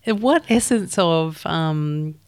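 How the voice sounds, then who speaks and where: A woman host asking slow, considered interview questions with soft laughs. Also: deep voice, lively intonation, clean tone, dry recording.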